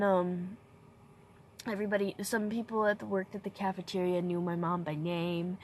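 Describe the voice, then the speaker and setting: Grieving young woman, halting and creaky. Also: mid-range voice, slight background noise. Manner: halting, soft-spoken, trailing off. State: grieving, emotional. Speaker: vlogger. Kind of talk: personal grief vlog. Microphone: self-filmed on camera.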